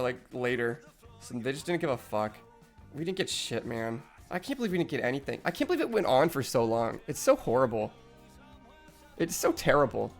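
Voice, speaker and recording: A young man streaming live, rambling in casual, profane chat with lots of restarts. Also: on the high side.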